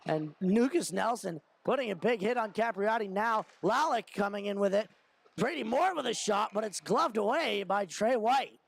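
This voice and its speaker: Young male hockey commentator, high-pitched and gravelly, fast running call with shouts on the big plays. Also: lively intonation. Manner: rapid running call, rising to shouts on shots and goals. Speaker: play-by-play commentator. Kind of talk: amateur hockey play-by-play commentary.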